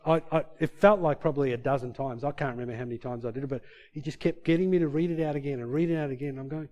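A man preaching a sermon, swinging between loud emphatic bursts and quiet, low asides as he retells scripture and his own story. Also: racing, lo-fi sound.

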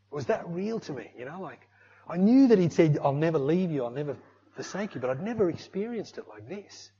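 Husky-voiced Australian man telling his testimony. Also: on the high side, very animated, a little fast, dark tone, muffled recording. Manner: conversational storytelling, growing emotional and exclamatory. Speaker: speaker giving testimony. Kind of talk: personal testimony.

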